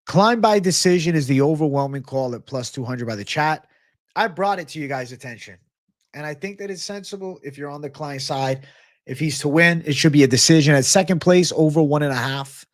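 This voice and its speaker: Expressive and medium-pitched, a man gives betting picks on a live stream at normal speed, swearing plenty, hyping things up, and responding aloud to viewers. The studio-quality recording has no echo.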